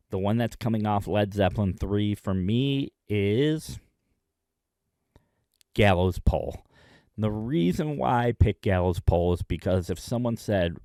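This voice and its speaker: A man hosting his own video, chatting enthusiastically in a casual rundown with frequent pauses. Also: on the low side, dark tone, no echo, clean studio sound. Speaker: music video host.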